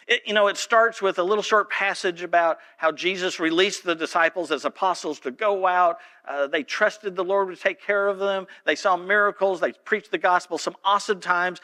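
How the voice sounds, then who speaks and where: Bright, folksy preacher. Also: male voice, high-pitched. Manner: folksy, animated storyteller. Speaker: pastor. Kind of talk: storytelling sermon.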